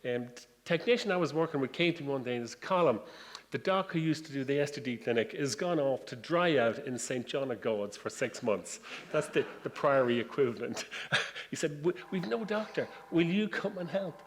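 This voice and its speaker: A man's voice: medium pitch, a little fast. An Irish man in his sixties giving a humorous talk to an audience, telling stories with self-deprecating wit. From Ireland. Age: 60s. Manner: anecdotal, self-deprecating storytelling. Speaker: guest speaker. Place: lecture room with audience. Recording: distant reverberant hall, faint noise.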